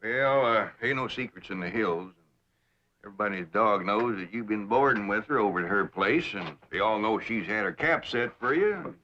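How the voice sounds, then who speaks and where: An actor playing a calm, fair-minded hillbilly head of the family with an Ozark drawl. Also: male voice, fairly low pitch, a little hiss or hum. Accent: Ozark hill country. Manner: slow folksy drawl. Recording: muffled 1960s TV soundtrack.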